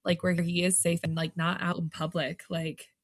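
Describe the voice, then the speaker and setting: A woman's voice: on the low side, flat delivery, normal speed, no room sound, clean studio sound. A woman, co-hosting a podcast in casual chat and chiming in with supportive reactions. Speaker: podcast co-host.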